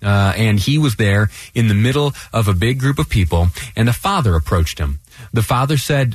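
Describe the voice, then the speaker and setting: A man hosting a radio talk show, speaking in a halting way with restarts and slight stammers. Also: fairly low pitch, lively intonation, husky, no room sound.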